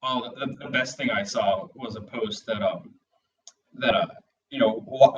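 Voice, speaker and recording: Casual co-host, a man, mid-pitched, rambling and filler-heavy, heard a little off-mic. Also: fairly even intonation, unhurried, far from the mic, muffled recording. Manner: rambling, full of "like" and "you know", acts out bits. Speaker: podcast co-host. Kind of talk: casual chat.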